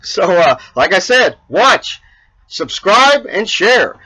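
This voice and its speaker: A man's voice: high-pitched, big pitch swings, takes it slowly, bright, forceful tone, husky, low-quality recording. A man hosting his own show, rambling in a casual chat with many fillers and restarts, laughing at his own jokes. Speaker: vlog host. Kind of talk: casual chat and joke telling.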